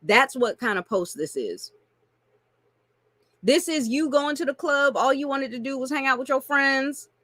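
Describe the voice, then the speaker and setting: A woman teaches marketing with lively, playful energy and frequent laughter. Her voice sits a little high and rings bright and forceful. The sound is dry and close. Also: unhurried, no echo. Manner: animated, playful, laughs often, calls listeners y'all. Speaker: network marketing coach. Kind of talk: teaching a marketing lesson with acted-out examples.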